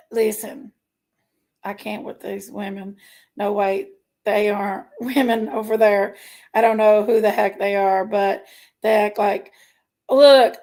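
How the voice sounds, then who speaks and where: A woman ranting to her viewers in a heated, casual way. She is emotional and fired up, and keeps telling herself to calm down. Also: medium pitch. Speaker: online commentary streamer.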